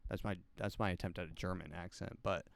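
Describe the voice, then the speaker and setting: A man in his twenties, a podcast host, talking in a rambling, hesitant way with deadpan jokes. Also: deep voice, brisk, creaky, no room sound. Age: 20s. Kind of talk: casual solo commentary.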